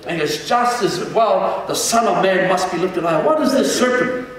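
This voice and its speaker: A man's voice: high-pitched, expressive, normal speed, heavy reverb, in a large hall, far from the mic, low-quality recording. A man preaching a sermon as senior pastor in a church, calling the congregation to respond and often restarting his words.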